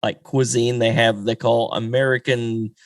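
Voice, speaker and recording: A man's voice: medium pitch, little pitch movement, measured pace, no room sound, clean studio sound. A man co-hosting a podcast, mostly reacting with short remarks and questions. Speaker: podcast co-host. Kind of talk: casual chat.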